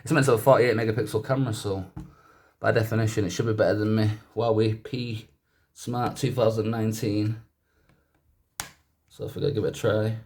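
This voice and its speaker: A man's voice: on the low side, steady tone, a little fast, long pauses, a little mellow. A man casually talking through a gadget teardown in a chatty, rambling way, often correcting himself. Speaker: YouTuber doing a gadget teardown.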